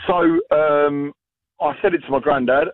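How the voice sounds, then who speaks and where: A man's voice: fairly high pitch, little pitch movement, normal speed, no echo. A man in his thirties from Ireland with an Irish accent, calling a radio phone-in and telling a rambling story full of fillers. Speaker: caller. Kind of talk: phone-in anecdote. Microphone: phone line. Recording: tinny phone line.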